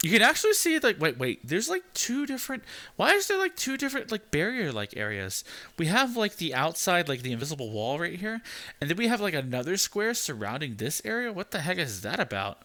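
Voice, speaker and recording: High, bright-voiced young man rambling. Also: sing-song. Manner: keeps his voice deliberately high; rambling, many "like" fillers. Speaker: game channel host. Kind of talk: casual gameplay commentary.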